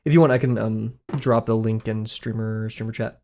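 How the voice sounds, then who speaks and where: A man's voice: on the low side, steady tone, normal speed, darkish tone. A young man with a Southern US accent, thinking aloud in a casual live stream as he draws, rambling and self-deprecating and often chuckling. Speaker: art streamer.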